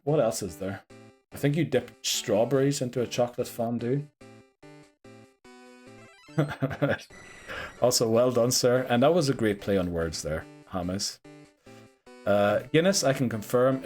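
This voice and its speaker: A man's voice: medium pitch, unhurried, long pauses, darkish tone, faint music behind. A man with a Northern Irish accent chatting casually and rambling with easy jokes while streaming a game. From Northern Ireland. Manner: rambling, joking, chuckles often. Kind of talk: casual live-stream chat.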